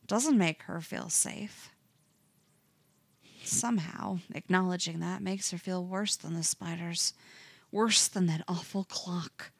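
A woman reading a romance story aloud in an intimate, unhurried way, sometimes dropping to a hush. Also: fairly low pitch, breathy edge, dry recording. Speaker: narrator. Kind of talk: reading fan fiction aloud.

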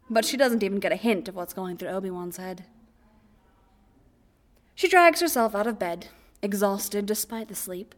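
A woman narrating a story as an audiobook. Her voice sits at a middling pitch and stays quiet and even. She reads steadily from line to line. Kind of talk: audiobook reading of fan fiction.

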